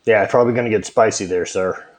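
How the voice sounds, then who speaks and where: A man's voice: on the low side, fast. A man from southwest Louisiana hosting a podcast, chatting casually and swearing freely. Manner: relaxed, swears a lot. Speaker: podcast host. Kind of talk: casual chat.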